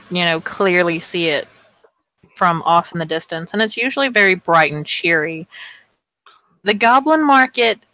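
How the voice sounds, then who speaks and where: A woman narrating as game master of a tabletop game, slowly and deliberately describing the scene. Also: fairly low pitch, bright, forceful tone, poor audio.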